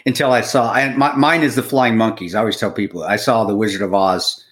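Profane excitable veteran man. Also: on the low side. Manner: profane, excitable, quick to laugh. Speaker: podcast co-host, Ranger veteran. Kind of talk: casual podcast banter.

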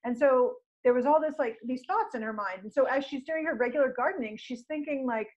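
A woman's voice: high voice, a little fast, muffled recording. A woman in casual conversation about a book, chatty and reflective. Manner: chatty and reflective, many fillers and restarts. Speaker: podcast co-host discussing a book. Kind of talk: casual chat.

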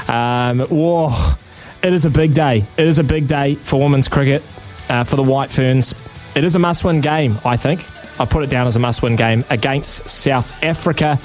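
A man's voice: mid-range voice, moderate pace, darkish tone. Male NZ sports radio host, casual and rambling, light music bed. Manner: chatty, many ums and uhs. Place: radio studio.

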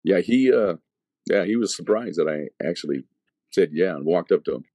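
Deep husky man telling a slangy testimony. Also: expressive, moderate pace, warm tone, no room sound. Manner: slangy, many fillers and restarts. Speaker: evangelist telling his testimony. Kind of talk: casual testimony storytelling.

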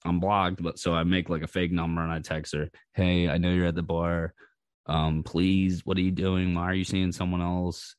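Low-voiced man telling a blunt story. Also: level tone, normal speed, clear, resonant tone, dry recording, clean studio sound. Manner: blunt, profane, laughs often, acts out quotes. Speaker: podcast host. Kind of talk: personal storytelling monologue.

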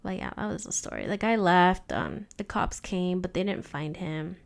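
A woman's voice: lowish voice, moderate pace, gravelly. Woman podcast cohost telling a story, super casual, says like a lot. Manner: animated storyteller, fills with "like". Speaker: podcast co-host, hair stylist.

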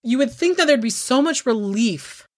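Dry, animated woman recapping casually. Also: a little high, normal speed, no echo. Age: 30s. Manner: swears freely, animated recapping. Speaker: podcast co-host. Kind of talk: casual chat.

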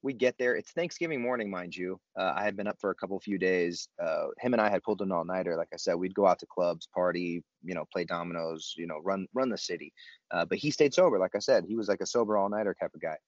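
Deep-voiced man telling a story, laid-back. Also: fast, no room sound, highs cut off. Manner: laid-back, slangy, self-mocking humor. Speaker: guest telling his recovery story. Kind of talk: casual storytelling chat.

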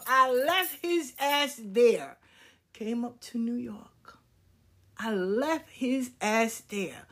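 A woman's voice: fairly high pitch, lively intonation, slow, a bit bright. A woman in her fifties telling stories in a casual, blunt, profane way, acting out the people she quotes. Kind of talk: casual storytelling rant.

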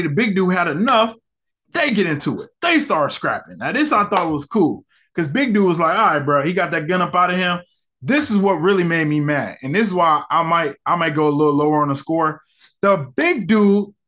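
Animated slangy man reviewing movies. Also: high-pitched. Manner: animated, slangy, acts out characters' lines. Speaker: podcast host reviewing movies.

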